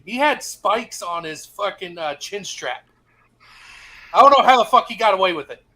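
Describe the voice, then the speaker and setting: Streamer guy, really high bright voice, cusses, yells out the drill instructor bits. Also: animated, moderate pace, low-quality recording. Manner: profane storyteller, shouts out the instructors' lines. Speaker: stream co-host. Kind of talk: casual chat, telling a basic training story.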